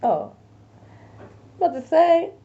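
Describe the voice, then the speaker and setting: Tarot reader, woman, high voice, blunt and swearing, dull lo-fi audio. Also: big pitch swings, slow pace. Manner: blunt, profane, with sudden loud outbursts. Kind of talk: casual tarot reading to viewers.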